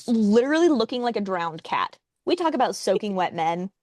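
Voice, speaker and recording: A young woman co-hosting a casual chat, telling a story in a wry, animated way and acting out what others said. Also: mid-range voice, fairly quick, no room sound, studio quality. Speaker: podcast co-host.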